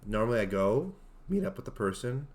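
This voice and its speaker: A man co-hosting a comedy talk show, hesitant and awkward, speaking in deadpan banter. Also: mid-range voice, fairly quick. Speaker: co-host.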